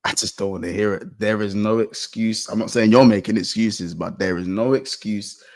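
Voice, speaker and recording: A man's voice: on the low side, steady tone, moderate pace, darkish tone. A man, bluntly venting about a football loss over a call in casual slang. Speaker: football channel co-host.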